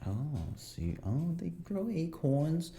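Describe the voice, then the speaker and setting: Man doing a falsetto shopkeeper lady, fussy, humming and haggling, tabletop game. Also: big pitch swings, warm tone, echoey room, a little hiss or hum, exaggerated voice. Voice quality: high falsetto with drawn-out hums. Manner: flustered, haggling and musing aloud. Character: startled, fussy woman shopkeeper trading grain.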